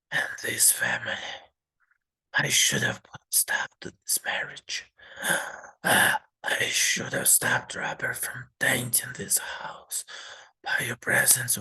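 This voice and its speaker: In a slow, hissing whisper, a man plays a maddened, zealous old grandfather while reading a game aloud as whispered role-play. His mid-range voice is husky and bright with vocal fry and a forceful edge, heavily acted, and the recording is low quality.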